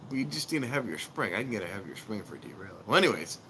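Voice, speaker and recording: A man's voice: fairly low pitch, very animated, rapid-fire, noisy background. A middle-aged man chatting casually on a live stream, telling rambling, self-mocking stories outdoors.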